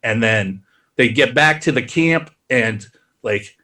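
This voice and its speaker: Male podcast co-host, casual and rambling, tosses in quick character voices. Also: medium pitch, expressive, bright, forceful tone. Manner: rambling, acts out characters' lines in quick asides. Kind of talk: casual plot recap.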